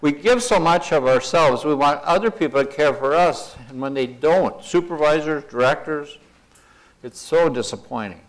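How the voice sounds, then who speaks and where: A man's voice: on the high side, animated, normal speed, rough recording. An older man speaking at a professional conference, folksy and wandering, chuckling at himself as he leads a guided imagery exercise. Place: conference room.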